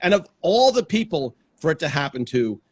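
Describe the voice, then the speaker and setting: A man hosting a casual live-stream chat, reading out viewer questions in a relaxed way. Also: fairly high pitch, normal speed, husky, no room sound, studio quality. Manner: relaxed, reads viewer comments aloud. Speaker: host.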